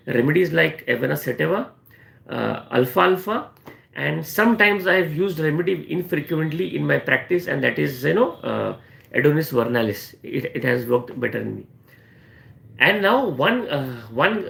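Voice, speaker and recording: A man's voice: fairly high pitch, vocal fry, a bit bright, reverberant. A man with an Indian English accent, a homeopathy doctor answering questions on a live stream, repeating key phrases and often saying "you know.".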